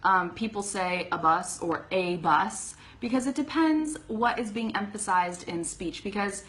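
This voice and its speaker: A woman with a Californian accent teaching English in a live online lesson. Her voice sounds bright and clear. She talks in a chatty, easygoing way, laughs often, and checks in with her viewers. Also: mid-range voice, lively intonation, a little slow, a little hiss or hum, low-quality recording.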